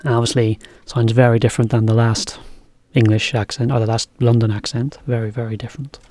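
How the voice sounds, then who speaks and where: A man teaching English in a relaxed, chatty video lesson, explaining as he goes. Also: medium pitch, a little fast, dry recording.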